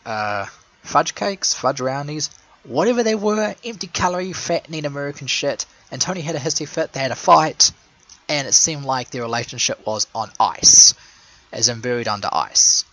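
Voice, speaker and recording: Animated, bright-voiced man ranting sarcastically. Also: medium pitch, low-quality recording. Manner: sarcastic, rambling, laughs at own jokes. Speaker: show fan and caller. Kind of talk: casual commentary monologue.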